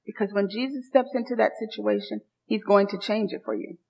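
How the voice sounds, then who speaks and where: A woman's voice: medium pitch, steady tone, fairly quick, darkish tone. Woman preaching in an echoing church. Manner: emphatic, repetitive, calls to the congregation. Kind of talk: sermon. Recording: long hall reverb, dull lo-fi sound.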